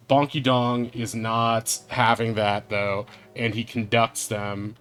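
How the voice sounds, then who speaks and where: A man's voice: lowish voice, flat delivery, slow pace, hardly any pauses, fairly bright tone. A man narrating as game master of a tabletop game, chatty and laughing as he goes, with music behind him.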